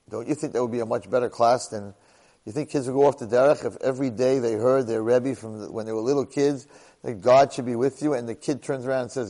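A man's voice: mid-range voice, fairly quick, dark tone, big-room sound, low-quality recording. Emphatic middle-aged man giving a Torah class. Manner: emphatic, rhetorical questions, frequent restarts. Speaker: Torah lecturer.

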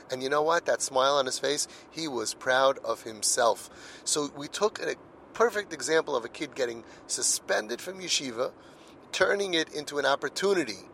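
A man's voice: a little high, animated, moderate pace, creaky, a bit bright, slight background noise, low-quality recording. A middle-aged man speaking earnestly about parenting, telling personal stories and repeating words when he presses a point. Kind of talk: heartfelt monologue.

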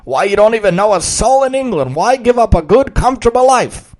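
A man voicing a big, blustering pirate uncle in a storybook reading, booming and theatrical. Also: very animated, fairly quick, darkish tone. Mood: coaxing.

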